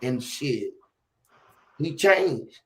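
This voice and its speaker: A man hosting a casual conversation, telling animated, profane stories and acting out the quotes loudly. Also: medium pitch, drawn-out words.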